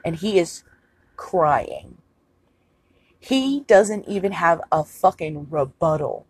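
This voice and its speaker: A woman talks through a film scene with animated, profane energy, as a casual podcast co-host. Her voice has a husky grain. The sound is dry and close, with no room around it. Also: lowish voice, slow, dry recording. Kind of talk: casual movie recap chat.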